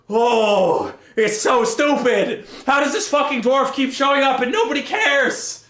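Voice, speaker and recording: A man's voice: very high voice, expressive, a little slow, fairly bright tone, echoey room. A man hosting a game-lore video, ranting in exasperation and swearing freely. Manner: exasperated, profane, acts out characters' lines.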